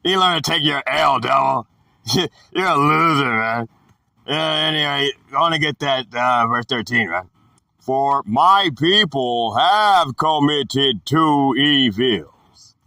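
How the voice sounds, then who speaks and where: A man slowly teaching a Bible chapter in an informal, drawling way, repeating phrases and talking back to an imagined devil. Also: medium pitch, pushed and bright, no echo, distant mic. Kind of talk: informal Bible study monologue.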